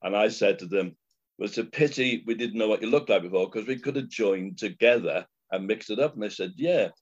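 A man telling a story as a guest, steady and matter-of-fact. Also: lowish voice, brisk. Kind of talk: anecdotal storytelling. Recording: dull lo-fi recording.

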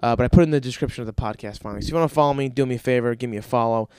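A man's voice: medium pitch, very fast, a little mellow, clear, resonant tone, dry recording, studio quality. A young man hosting a podcast, telling crude stories and ranting with a lot of profanity. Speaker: podcast host. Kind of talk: crude comedic storytelling podcast.

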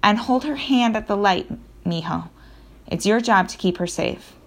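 A woman reading the lines of a boy's mother, firm and hurried, as she insists on her rules in an audiobook. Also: mid-range voice, close to an everyday voice.

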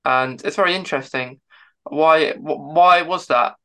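A man's voice: fairly high pitch, measured pace, bright, forceful tone, smooth. A man guesting on a podcast who restarts his sentences often and asks puzzled questions. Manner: stammering restarts, quizzical. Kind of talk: casual chat.

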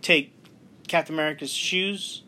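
Animated man hosting a podcast. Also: fairly high pitch, moderate pace. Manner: animated, acts out quotes with emphasis. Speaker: podcast host. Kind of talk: casual podcast discussion.

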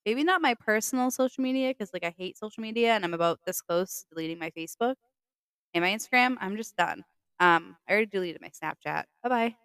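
A young woman with a Boston accent, talking loosely and swearing as she co-hosts a casual podcast. Her voice is smooth and clean, recorded dry and close. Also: mid-range voice, lively intonation, quick pace, fairly bright tone, no room sound. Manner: profane, joking, loose storytelling. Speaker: podcast co-host. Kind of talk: casual chat.

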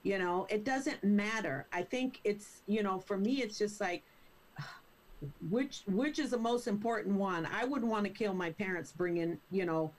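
A woman's voice: medium pitch, moderate pace, rough recording. A woman in a casual group discussion, speaking indignantly and at times mocking others in quoted voices.

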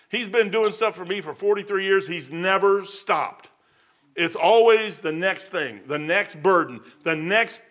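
A man in his fifties or older preaches in a loose, rambling, conversational way, stopping to hunt through his notes. His voice sits a little high and rings bright and forceful, and he slips into the people in his stories as he tells them. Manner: acts out the people in the stories with quick changes of voice. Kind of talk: informal sermon.

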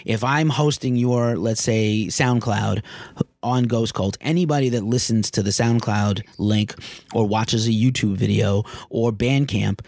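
A man's voice: lowish voice, unhurried, vocal fry, darkish tone, no echo. Frank man on a podcast. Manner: candid, frank, a little exasperated. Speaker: music journalist and podcast host. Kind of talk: casual podcast chat.

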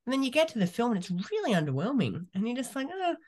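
A man co-hosting a casual movie-review podcast, talking in loose, rambling chat. His pitch swings widely, rising and falling as he builds up his complaints. He laughs often and trips over restarts. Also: very animated, very fast, darkish tone. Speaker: podcast co-host.

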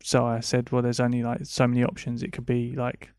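A man's voice: mid-range voice, completely flat delivery, a little mellow, clean tone, dry recording, studio quality. Easygoing man co-hosting a podcast. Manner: easygoing, quick to laugh along. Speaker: podcast co-host. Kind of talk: casual chat.

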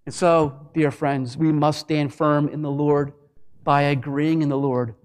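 High-voiced impassioned male preacher. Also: little pitch movement, clear, resonant tone. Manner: impassioned, rising to a fervent climax; mimics others in quick asides. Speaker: pastor. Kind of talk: sermon.

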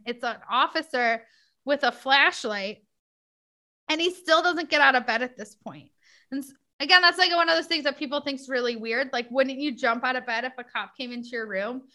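A woman with a high, bright voice hosts a podcast in loose, casual chat. Her talk is full of "like" and "you know" as she works through her thoughts. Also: moderate pace. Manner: chatty, many fillers like "like" and "you know". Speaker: podcast host.

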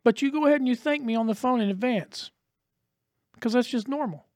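A man's voice: very high voice, a little fast, darkish tone, no room sound, clean studio sound. A man preaching a sermon as a pastor, earnest and conversational, posing rhetorical questions to his listeners.

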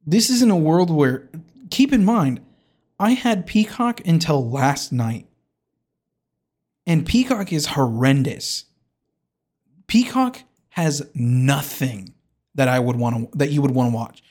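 A man's voice: on the high side, expressive, takes it slowly, pauses often, a little mellow. A man hosting a podcast, delivering a comedic rant that is rambling and hyperbolic and keeps interrupting and restarting itself. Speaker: podcast host.

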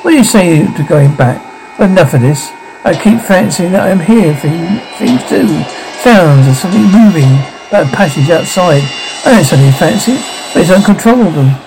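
A man reading the lines of a rough, uneasy male skeptic in a storybook, gruff and blunt. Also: sits high, expressive, moderate pace, over music, poor audio.

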